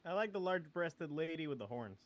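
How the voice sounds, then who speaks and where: A man's voice: a little high, lively intonation, brisk. A man co-hosting a podcast who chimes into the casual chat with dry joking asides. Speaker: podcast co-host.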